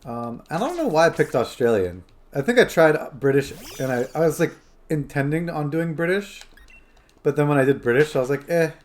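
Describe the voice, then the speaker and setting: Another game streamer, whose voice is a little high, animated and brisk, chats casually and rambles on to his audience. He talks to chat as well as his phone.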